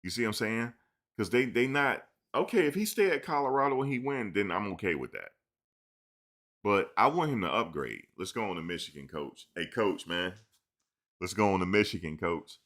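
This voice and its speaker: Deep-voiced, bright, animated sports streamer man. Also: moderate pace. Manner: animated, teasing, talks straight to the chat. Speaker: sports show host reading live chat. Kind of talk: casual live-stream sports talk.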